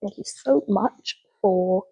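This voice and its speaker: A woman's voice: medium pitch, slow, warm tone, husky, low-quality recording. A young woman, a drama student, talking through her goals in an earnest, rambling video log and often correcting herself. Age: young adult. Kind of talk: spoken reflective video log.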